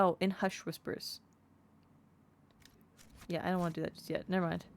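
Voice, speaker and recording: A woman's voice: lowish voice, level tone, moderate pace, gravelly, pauses often, a little hiss or hum. A woman streaming a game, chatting casually and reading in-game text aloud, sounding out unfamiliar words as she goes.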